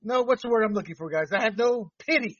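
Blunt high-voiced man commenting. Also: animated, fast, a bit bright, dry recording, distant mic, muffled recording. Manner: blunt, mocks people with put-on voices. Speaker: show host. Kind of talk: casual panel commentary.

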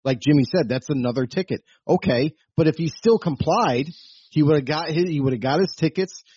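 A man's voice: fairly high pitch, normal speed, darkish tone, husky, dull audio. A man on a casual panel, steadily explaining his view step by step. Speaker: panel guest.

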